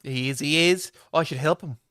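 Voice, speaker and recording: A man's voice: a little high, moderate pace, bright, forceful tone, clean tone, no room sound, studio quality. A young man reading a game aloud on a live stream, joking and swearing as he chats with viewers.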